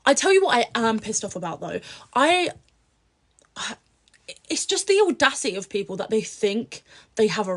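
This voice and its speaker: A young British woman, an influencer guest, chatting bluntly and profanely on a podcast, swinging from low mutters to loud outbursts. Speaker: social media influencer guest. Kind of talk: casual podcast chat.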